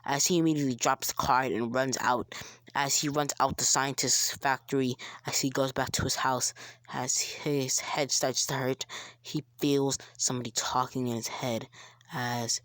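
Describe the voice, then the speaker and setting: A young fan storyteller rambles through a homemade crossover tale with plenty of fillers and restarts, now and then dropping into a whisper. The voice sits at a middling pitch and is recorded close and dry. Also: steady tone, normal speed, a bit bright, no echo. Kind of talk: casual amateur story narration.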